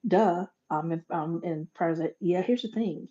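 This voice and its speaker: A lowish, mellow-voiced woman talks to her listeners in a folksy, animated monologue, dropping to near whispers and then bursting louder. The recording sounds dull and lo-fi. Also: measured pace. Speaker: podcast host. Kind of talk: motivational monologue.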